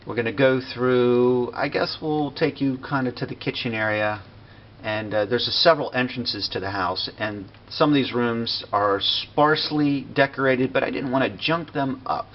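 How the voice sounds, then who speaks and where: A man giving a casual walkthrough of a building he made in a game, relaxed and full of fillers and pauses. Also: medium pitch. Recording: dull lo-fi recording with faint noise.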